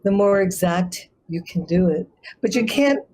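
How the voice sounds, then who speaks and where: A woman who teaches chanting, explaining pronunciation and demonstrating sounds slowly in a conversation over a video call. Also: lowish voice, lively intonation, a little mellow, poor audio. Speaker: guest, sacred chant artist and yoga teacher.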